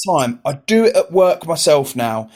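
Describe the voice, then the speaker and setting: A man's voice: a little high, unhurried. A British man co-hosting a casual podcast chat, acting out little everyday exchanges as he talks. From United Kingdom. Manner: animated, acts out little exchanges. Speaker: podcast co-host.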